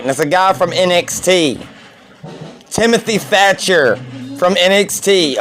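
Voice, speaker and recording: A man hosting a casual wrestling review podcast, rambling excitedly and swearing freely as he reacts. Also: high voice, moderate pace, faint music behind.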